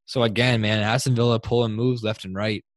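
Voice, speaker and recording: A young man hosting a casual sports podcast, talking in animated bursts and laughing often. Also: medium pitch, no echo. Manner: animated, laughing, fast bursts when excited. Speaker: podcast host.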